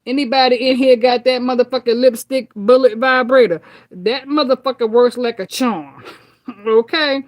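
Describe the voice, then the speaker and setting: A woman's voice: fairly high pitch, normal speed. A woman tarot reader chatting casually with viewers, brash and profane, laughing often.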